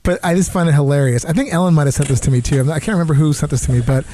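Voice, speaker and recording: Profane, animated male podcast host. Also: a little high, very fast. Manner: profane, animated, acts out quotes. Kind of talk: casual comedic chat. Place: New York.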